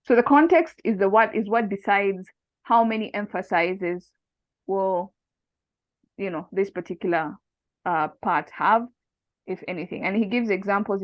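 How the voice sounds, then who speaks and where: A woman's voice: medium pitch, no room sound. A woman teaches a small online study group in a casual, explanatory way, often restarting her sentences and adding fillers as she works through a text. Her voice sits in the middle range. The recording is dull and lo-fi, with a dry, close sound.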